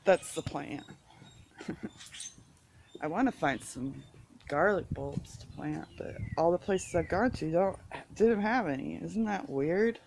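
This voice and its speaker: A woman's voice: on the low side, slow pace, gravelly, pauses often, darkish tone, a little hiss or hum. A woman gardening vlogger sounding stuffy and congested, chatting in a rambling, self-interrupting way outdoors in her garden. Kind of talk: casual chat.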